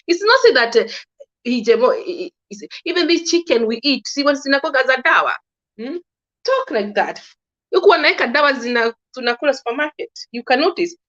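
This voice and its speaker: A woman's voice: high-pitched, animated, brisk, fairly bright tone. A woman giving her earnest opinion in a casual monologue, often restarting and repeating herself. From Kenya. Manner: earnest, repetitive, restarting sentences. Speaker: commentator. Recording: dull lo-fi sound.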